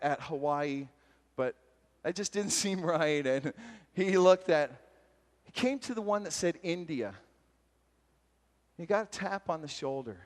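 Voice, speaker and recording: A man giving a retreat sermon, telling a story and acting out its voices with lively energy. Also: fairly high pitch. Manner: animated, acts out voices in stories. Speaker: retreat speaker. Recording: long hall reverb.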